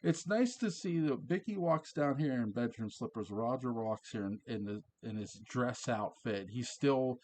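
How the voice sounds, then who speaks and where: A man talks through an old TV episode in a relaxed, chatty recap. His voice sits at an ordinary middle pitch. He laughs freely and drops into quoted lines along the way. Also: normal speed, hardly any pauses. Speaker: show reviewer.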